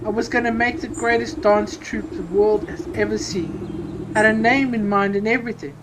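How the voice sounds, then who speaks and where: A woman voicing a huge, weepy male bandit who drawls and sniffles in rough rural grammar. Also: medium pitch, moderate pace, background noise, natural voice. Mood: wistful.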